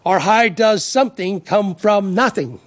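A man's voice: high voice, a little slow, no room sound. An Irish man preaching a sermon, emphatic, asking rhetorical questions and often repeating his first word as he restarts. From Ireland.

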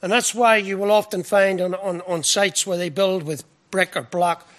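A man's voice: high-pitched, fairly even intonation, normal speed, a bit bright. A middle-aged man from the United Kingdom preaching a sermon in an earnest manner. He often repeats words and asks the listeners questions.

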